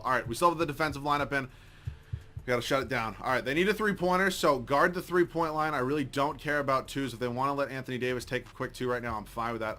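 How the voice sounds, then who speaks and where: A man giving live commentary over a basketball video game, excitable, swearing often and joking about his own skill, swinging from mumbling to yelling at the screen. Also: medium pitch, slight background noise. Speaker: gaming YouTuber.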